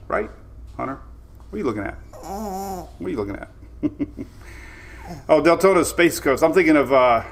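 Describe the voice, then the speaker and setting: A man's voice: mid-range voice, creaky, a little hiss or hum. A man hosting a casual weather live stream, rambling cheerfully, greeting viewers by name and laughing often. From Florida.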